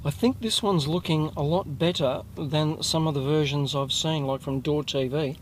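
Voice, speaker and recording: A man's voice: fairly high pitch, normal speed, a little hiss or hum. An Australian man hosting a casual food review video, chatting to his viewers in a rambling way and correcting himself as he goes.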